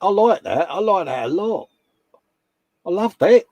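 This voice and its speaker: A livestream co-host with a high-sitting, sing-song voice speaks unhurriedly in a darkish tone. He's chatty on the casual stream, bantering, yawning, and calling everyone mate. The recording is dry and lo-fi.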